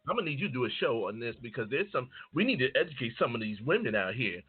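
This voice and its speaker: Husky, teasing man with a lively pitch. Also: rapid-fire, faint music behind. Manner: teasing, exclaiming, playful. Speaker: co-host. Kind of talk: casual talk show chat. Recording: dry, phone-like narrow sound.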